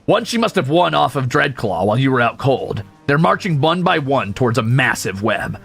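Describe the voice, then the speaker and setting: A male streamer reads a story game aloud and breaks off for sarcastic, profane jokes. His voice is gravelly and husky. His pitch swings widely, and faint music plays behind him. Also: big pitch swings, normal speed, fairly bright tone. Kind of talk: game read-through with commentary.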